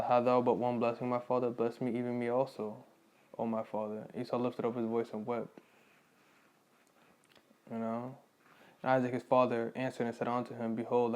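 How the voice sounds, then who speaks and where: A man reading scripture aloud quietly and breaking off into casual spoken commentary, full of "you know". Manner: quiet, low reading of scripture, louder and livelier in his asides; leans on "you know" constantly.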